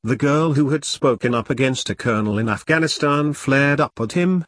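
A man narrating an audiobook in a measured storytelling manner. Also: mid-range voice, fairly bright tone, dry recording, studio quality.

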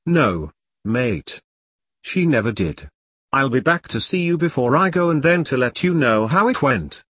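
A man voicing an injured ex-soldier in a hospital bed, speaking in a hoarse, low, terse whisper. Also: big pitch swings, measured pace, a bit bright, dry recording, heavily acted. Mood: weary.

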